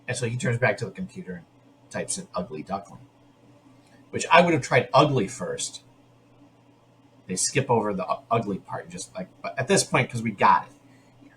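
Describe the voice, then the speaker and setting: A man's voice: medium pitch, slight background noise, poor audio. Man animatedly retelling a TV episode. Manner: animated storytelling with asides. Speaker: podcast host. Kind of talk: casual chat recapping a TV episode.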